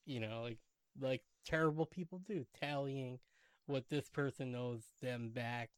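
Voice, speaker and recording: A man's voice: mid-range voice, measured pace, smooth, no room sound, clean studio sound. A man, chatting casually as a podcast co-host, laughing easily and quoting characters in playful voices. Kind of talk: casual chat recapping a TV episode.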